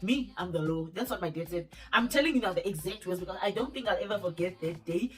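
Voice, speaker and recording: A woman's voice: mid-range voice, fast. A young woman vlogger telling a casual story, talking in slang and acting out what other people said. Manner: animated, slangy storytelling that acts out quoted dialogue. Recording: distant mic with faint background music.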